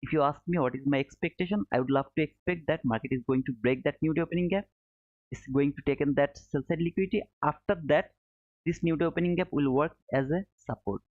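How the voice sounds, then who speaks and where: A man's voice: fairly high pitch, quick pace. A man teaching trading live, walking through charts step by step, repeating key points and calling his viewers brother. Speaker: trading educator streaming live. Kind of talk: live chart commentary answering chat. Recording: narrow phone-like audio.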